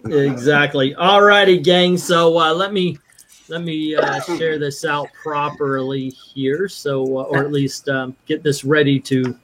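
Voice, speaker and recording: A man's voice: on the high side, steady tone, measured pace, a bit bright. A man hosting a casual comic book read-along livestream, joking, laughing often and rambling with fillers.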